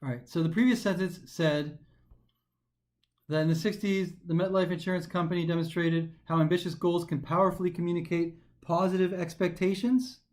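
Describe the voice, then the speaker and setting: Animated man explaining test answers. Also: high voice, a little fast. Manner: animated, thinks aloud, reads passages then comments. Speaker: test prep instructor.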